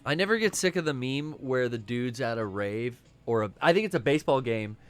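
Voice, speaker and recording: A man's voice: medium pitch, lively intonation, brisk, smooth, faint music behind. A man co-hosting a gaming stream, chatting casually while he plays, rambling and swearing often. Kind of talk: casual let's-play chat.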